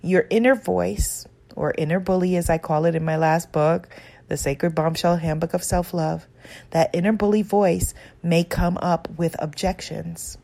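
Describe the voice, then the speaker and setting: Self-help coach, woman, warm dark tone with vocal fry, earnest and encouraging. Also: on the low side, fairly even intonation, a little slow. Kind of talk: guided self-help talk.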